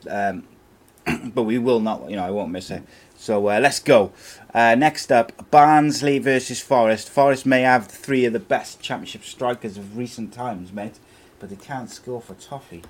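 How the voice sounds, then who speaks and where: A man's voice: mid-range voice, normal speed. A man hosting a live football chat show, chatting with his co-host and reading out viewer questions.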